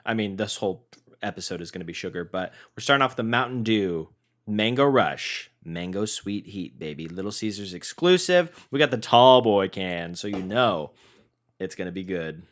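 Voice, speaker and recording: A man's voice: low-pitched, normal speed. A man co-hosting a snack review podcast, chatting casually and cracking playful jokes. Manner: jokey, playful, animated bits. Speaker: podcast co-host. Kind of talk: casual food review chat.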